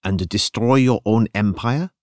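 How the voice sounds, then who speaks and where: A man's voice: on the low side, normal speed, a little mellow, dry recording, studio quality, close to an everyday voice. A man voicing a big red-bearded male settler in an audiobook, speaking firmly and insistently. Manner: firm, insistent.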